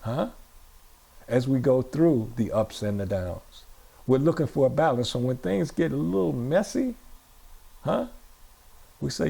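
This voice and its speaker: A man's voice: medium pitch, lively intonation, measured pace, gravelly, long pauses, dark tone. A male pastor giving a sermon, repeating phrases and asking his congregation questions. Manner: repetitive, call-and-response preaching. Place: church.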